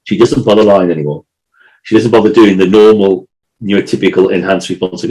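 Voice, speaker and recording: Male podcast co-host, low voice, emotional and rambling, lots of restarts and repeats. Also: quick pace, darkish tone, rough recording. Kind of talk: casual chat.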